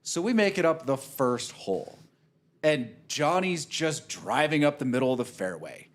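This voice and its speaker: Dude telling a rambling golf story, cussing a lot, doing everyone's lines, mid-pitch voice. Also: male voice, normal speed. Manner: animated, profane storyteller who acts out quotes. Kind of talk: casual storytelling.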